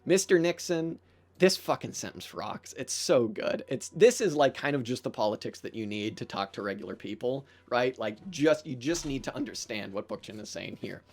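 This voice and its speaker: A man's voice: fairly low pitch, expressive, normal speed, few pauses, a little mellow. A young man hosting a podcast livestream, chatting casually and reading a book aloud with loose, profane enthusiasm and lots of fillers. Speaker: podcast host. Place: room near church bells.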